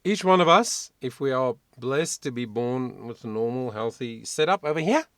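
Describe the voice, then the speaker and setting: A man's voice: medium pitch, expressive, normal speed, fairly bright tone, no echo, studio quality. A man working as a vocal coach, giving reflective, emphatic commentary in a reaction video.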